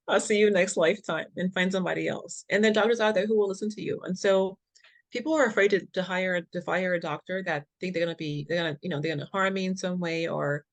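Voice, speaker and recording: A woman with a somewhat low voice speaks as an interview guest and patient advocate. She tells her story frankly and with energy, acting out the people she quotes and dropping breezy slang. Her laughs come easily between points. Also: fast. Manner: frank, lively storyteller who acts out quoted dialogue.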